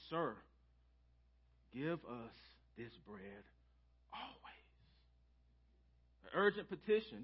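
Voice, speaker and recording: A pastor with a notably high-pitched voice delivers a sermon to his congregation. He leans hard into emphatic phrases, then pulls back to hushed, almost whispered questions. The recording sounds a little dull and lo-fi. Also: slightly rough. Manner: dynamic, swings from loud emphasis to hushed near-whispers. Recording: slightly dull lo-fi church audio.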